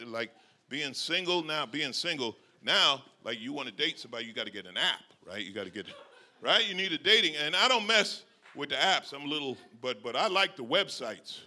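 Blunt, high-voiced male stand-up comic. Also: bright, forceful tone. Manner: blunt, conversational, checking in with the crowd. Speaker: stand-up comedian. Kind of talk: stand-up comedy set. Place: comedy club stage.

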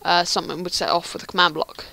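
Rambling, low-voiced woman explaining a game. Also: flat delivery, fast, creaky, pushed and bright. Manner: rambling, hesitant, many ums. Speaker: Minecraft tutorial creator. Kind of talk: casual gameplay tutorial.

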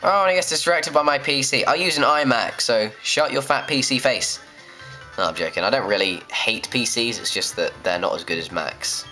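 A man's voice: medium pitch, animated, moderate pace, bright, forceful tone. A young man with a jokey, sarcastic manner, commenting on a video game he plays and reading its dialogue aloud. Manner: jokey, sarcastic asides, puts on silly voices. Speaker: let's play host. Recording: faint game music behind.

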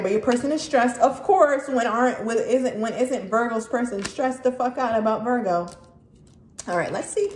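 A woman's voice: mid-range voice, darkish tone. A woman giving a casual tarot reading straight to the viewer, blunt and swearing freely as she talks. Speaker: tarot reader. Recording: echoey room with faint noise.

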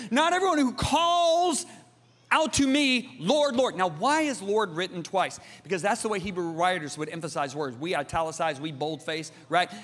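A middle-aged man preaches with a fairly high voice in a lively, emphatic style, swinging from near-shouts to hushed asides. His pitch moves widely as he presses each point. The voice rings with a long reverb, as in a large church auditorium. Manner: animated, emphatic, jumps between loud and hushed. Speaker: pastor. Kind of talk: sermon.

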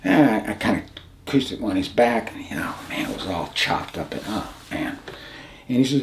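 A man in his seventies from the United States, telling war memories in an interview in a halting, plain-spoken way, often restarting, his voice going hushed at grim moments. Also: lowish voice, lively intonation, gravelly, slight background noise. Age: 70s. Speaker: veteran interviewee. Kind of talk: recounting combat memories in an interview.

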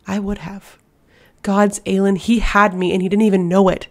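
A woman voicing a fierce, protective warrior man who speaks with intense pleading. Her voice has a gravelly edge. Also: medium pitch, steady tone, moderate pace, a little mellow, natural voice. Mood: anguished.

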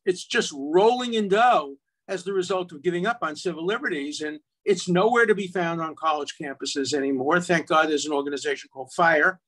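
Older guy arguing hard, fairly high voice, keeps restarting his sentences. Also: fairly bright tone. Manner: argumentative, emphatic, frequent restarts. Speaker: guest, attorney and law professor. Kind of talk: casual conversation.

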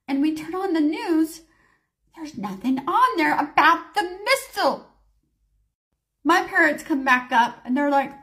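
A woman's voice: high voice, animated, unhurried, a bit bright. A woman in her forties telling a story in a casual vlog, acting out her own and others' panicked lines. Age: 40s. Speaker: storyteller vlogger.

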